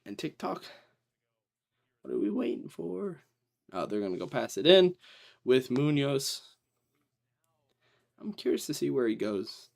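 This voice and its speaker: A man's voice: mid-range voice, big pitch swings, unhurried, gravelly, pauses often. A young man giving casual live play-by-play commentary, talking straight at the teams in exasperation.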